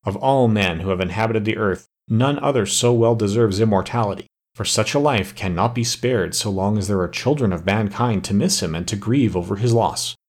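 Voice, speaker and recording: Noble forest immortal, earnest and pleading; a man reads him, husky storybook tone. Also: fairly low pitch, normal speed, darkish tone, lightly acted.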